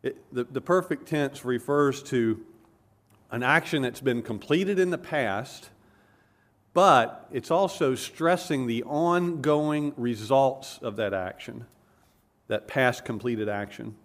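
An earnest man delivering an expository sermon at a middle pitch. He explains patiently and leans into key words with emphasis. Now and then he backs up and restarts a phrase mid-thought. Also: slow. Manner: earnest, emphatic teaching with self-corrections. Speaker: preacher.

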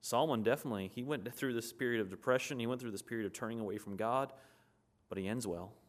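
A man's voice: mid-range voice, fast. A man preaching a sermon in an earnest, conversational way, reading scripture aloud and explaining it.

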